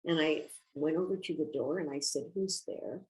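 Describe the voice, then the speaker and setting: An older woman, a guest author, telling a personal story in a reflective, measured way during a casual interview. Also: low-pitched, steady tone, a little mellow, low-quality recording.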